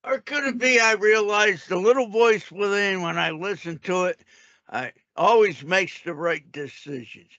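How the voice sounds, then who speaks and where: A man's voice: sits high, a little slow, pushed and bright, lo-fi sound. A man on a voice call, arguing combatively and cutting in with repeated insults. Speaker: caller on a group call. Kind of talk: heated argument on a voice call.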